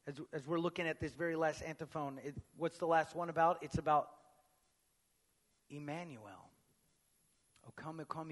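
A male pastor preaching a sermon, swinging between booming emphatic proclamation and hushed, near-whispered lines. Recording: long reverb of a large hall.

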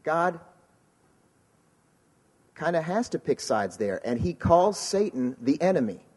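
A man with a slightly husky voice preaches in a relaxed, earnest manner. He leans on key words for emphasis. The sound carries a long hall reverb. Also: slow. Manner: earnest, emphatic, mocks a careless sinner in a high voice. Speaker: pastor. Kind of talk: conversational preaching.

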